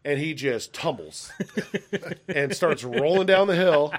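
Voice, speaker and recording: A man's voice: a little high, lively intonation, slow. A man co-hosting a podcast, telling rambling, profane family stories and laughing at them. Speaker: podcast co-host. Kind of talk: casual storytelling chat.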